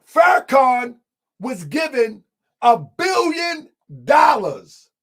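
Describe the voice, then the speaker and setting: Debater: a man with a strikingly high voice, shouts his points and hammers them home with repeats. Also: very animated, slow. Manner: emphatic, often shouting, repeats lines for effect; addresses the audience as family. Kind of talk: heated live debate.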